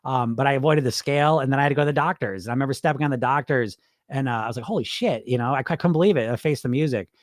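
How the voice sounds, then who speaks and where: A man's voice: medium pitch, rapid-fire, no echo, clean studio sound. A middle-aged man coaching on weight loss in a loose, rambling live-stream chat, swearing casually and restarting his sentences.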